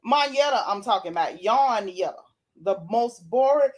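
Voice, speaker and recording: Sassy lady host gossiping on a live stream, kinda high voice, reads chat, yawns and laughs a lot. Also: moderate pace. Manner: sassy, animated, Southern Black vernacular gossip. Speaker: reality TV recap host reading live chat.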